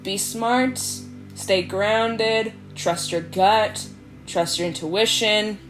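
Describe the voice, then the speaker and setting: A woman's voice: mid-range voice, fairly even intonation, drawn-out words. A woman giving a casual, chatty tarot reading to camera, laughing often and calling her viewers "y'all". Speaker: tarot reader. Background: soft background music.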